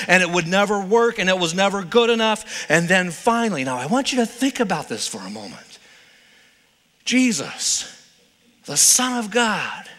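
A male preacher delivering a sermon in a playful, conversational storytelling style. His voice sits high and sounds bright and forceful. Long hall reverb trails behind his words. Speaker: pastor.

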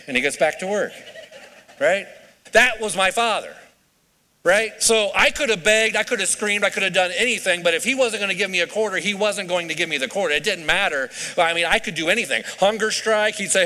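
A man's voice: high-pitched, lively intonation, fairly quick, bright, forceful tone. A man preaching a sermon in a conversational way, asking his congregation questions as he goes. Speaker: pastor. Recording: reverberant hall.

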